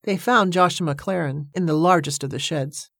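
A woman with a low, grounded voice reading a novel aloud at a measured pace. The recording is close and dry, with no room sound around her. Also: gravelly, dry recording. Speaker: audiobook narrator. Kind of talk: scripted narration.

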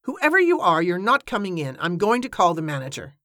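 A woman's voice: medium pitch, a little fast, no room sound, clean studio sound, voice pushed up, close to an everyday voice. A woman voicing an impatient, domineering woman manager. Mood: shouting. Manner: loud, shouting.

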